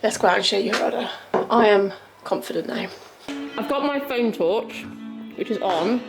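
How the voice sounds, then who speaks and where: A young woman vlogging about her pregnant mare, cooing and praising the horse in a soft singsong. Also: medium pitch, lively intonation, normal speed, vocal fry, rough recording. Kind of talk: casual vlog narration. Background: loud background music.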